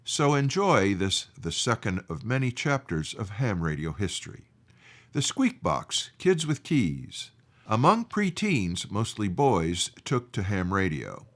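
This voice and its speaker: Guy reading a history bit for a radio show, voice goes up and down a lot, steady careful pace. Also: fairly low pitch, a little slow. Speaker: history segment presenter. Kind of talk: scripted narration.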